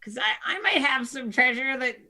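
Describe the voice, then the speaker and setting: A jittery little kobold girl, as a woman puts her on in a tabletop game, halting and unsure of herself. The tone is bright and sharp. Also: high-pitched, lively intonation, voice pushed up, heavily acted. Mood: timid. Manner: hesitant, halting, soft and raised. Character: small nervous female kobold, timid and eager.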